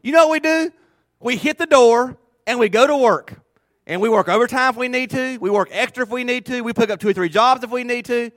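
High-voiced man preaching, dry close sound. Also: a bit bright, dry recording. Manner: conversational, emphatic, repeats phrases. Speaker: pastor. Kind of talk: sermon.

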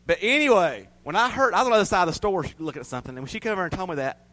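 A man's voice: sits high, animated, racing, bright, forceful tone. A male pastor preaching a sermon in a folksy, storytelling way, often laughing at himself.

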